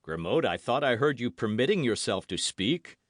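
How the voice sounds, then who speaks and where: Brief: composed, weary nobleman musketeer, a touch lower, voiced by a male narrator, dry. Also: big pitch swings, no echo. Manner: low, measured and composed. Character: calm, phlegmatic older male musketeer. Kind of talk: audiobook character voice.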